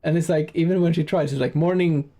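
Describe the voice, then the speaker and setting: A man's voice: a little high, fairly even intonation, fast talker, dark tone, husky. A man streaming a game in casual commentary, chatting with viewers in a rambling, easygoing way and laughing easily.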